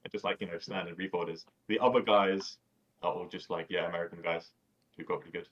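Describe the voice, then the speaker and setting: On a podcast, a male guest with a fairly low, fairly bright voice rambles through casual chat at a quick pace, using "like" constantly and swearing now and then. His intonation stays fairly even, and the video-call connection makes the audio dull and lo-fi.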